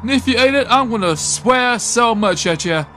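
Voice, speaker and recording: A man's voice: extremely high pitch, lively intonation, normal speed, bright, forceful tone, soft background music, full character voice. A man voicing a grumpy male Santa who lives in a bottle, rambling and grumbling in a game fan dub.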